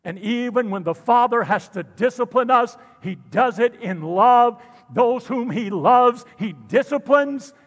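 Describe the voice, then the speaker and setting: A man preaching a sermon, animated and jokey, calling out to the congregation. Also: very high voice, measured pace, in a large hall. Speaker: pastor.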